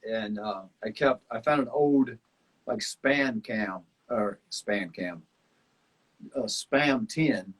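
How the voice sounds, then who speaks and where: Taking it slowly in a fairly low, husky voice, a man with a Southern accent reflects casually on his time on a survival show, where he was a contestant. The recording is rough, and his talk is relaxed and rambling with many fillers.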